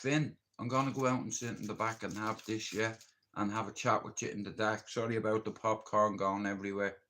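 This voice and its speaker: A man's voice: fairly low pitch, level tone, fairly quick, sharp tone. A middle-aged Irish man rambling bluntly in a casual live-stream chat, swearing freely and speaking openly about his feelings. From Ireland. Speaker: livestreamer.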